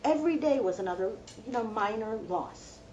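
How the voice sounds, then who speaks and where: Middle-aged woman, law professor, reflective storytelling lecture, lively up-and-down voice, slightly high. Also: fairly quick, lo-fi sound, slight background noise. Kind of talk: personal lecture to students.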